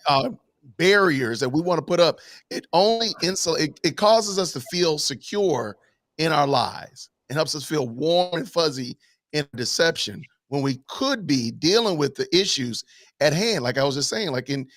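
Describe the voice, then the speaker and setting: A man's voice: fairly high pitch, animated, normal speed, fairly bright tone, dry recording. A man taking part in a live online panel discussion over a video call, arguing emphatically with many rhetorical questions. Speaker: panel guest.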